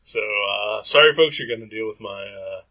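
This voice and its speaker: Man, nasal, stuffy nose, low voice, bright tone, podcast co-host, rambling casual chat. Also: moderate pace, low-quality recording. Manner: rambling, hesitant with frequent fillers.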